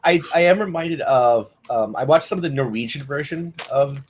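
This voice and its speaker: Relaxed man with faint background hiss. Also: mid-range voice, moderate pace. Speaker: co-host. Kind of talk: casual watchalong commentary.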